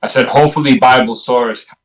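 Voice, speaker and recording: A man's voice: mid-range voice, steady tone, fairly quick. A man co-hosting a casual podcast, joking loosely and trailing off mid-thought. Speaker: podcast co-host. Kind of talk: casual chat. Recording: roomy and distant from the mic.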